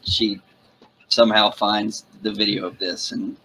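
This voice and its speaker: A man's voice: fairly low pitch, flat delivery, measured pace, bright, forceful tone, a little hiss or hum, rough recording. A man who is still sick, hosting a casual online game chat over a computer mic and joking around. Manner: joking, rambling. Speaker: streamer hosting the session.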